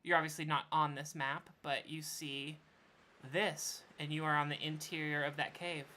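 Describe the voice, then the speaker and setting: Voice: mid-range voice, level tone, moderate pace, pushed and bright, slight background noise. A game master narrating a tabletop game in a wry, playful way. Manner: wry, playful, laughs easily.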